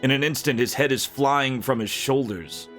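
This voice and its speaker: A man reading a dark, violent fantasy story aloud in an unhurried, gritty narration. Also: mid-range voice, faint music behind.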